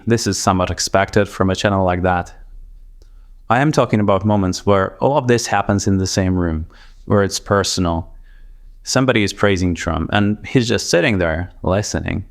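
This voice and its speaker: A man with a Russian accent, a native Russian speaker, giving scripted commentary narration in a dry, measured, sarcastic way. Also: sits low, creaky. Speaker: commentary video host.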